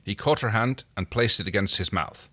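A man's voice: lowish voice, moderate pace, pushed and bright. A man co-hosting a podcast, reading fan fiction aloud in a playful way. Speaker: podcast co-host.

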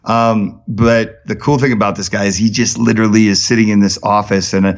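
Male podcast guest, lively storyteller, low voice, muffled lo-fi sound. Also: fairly quick. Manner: energetic storyteller, many restarts. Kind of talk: casual interview talk.

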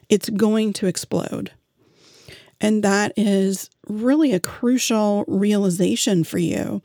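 Slow, mellow-voiced woman coaching parents. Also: mid-range voice, no room sound, clean studio sound. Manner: steady, measured, addresses listener directly with rhetorical questions. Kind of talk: advice monologue to parents.

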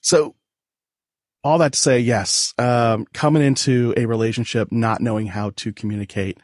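A man's voice: medium pitch, fairly even intonation, normal speed, a little mellow, no echo, clean studio sound. A man in his forties, a podcast guest, telling a personal family story in a candid, self-deprecating way with frequent laughs.

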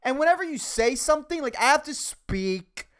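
A woman hosting a solo podcast, ranting sarcastically and swearing freely, and talking fast by her own account. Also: sits high, lively intonation, fairly bright tone. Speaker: podcast host.

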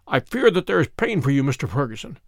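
A man voicing a keen detective speaking in a measured, soothing way. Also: fairly high pitch, sing-song, no room sound, clean studio sound. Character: calm, keen male detective.

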